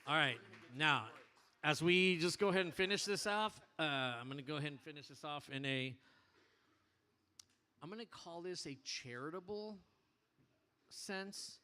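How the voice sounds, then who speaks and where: A man addressing his motorcycle club in a bar, telling an animated, profane story in casual speech. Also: a little high, moderate pace, pauses often.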